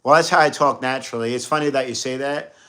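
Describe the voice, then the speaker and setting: A man's voice: mid-range voice, quick pace, pushed and bright, clean tone. A man from New York with a New York accent, telling rambling stories about acting jobs in a casual interview, with lots of fillers and restarts. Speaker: entertainer and actor. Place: home studio.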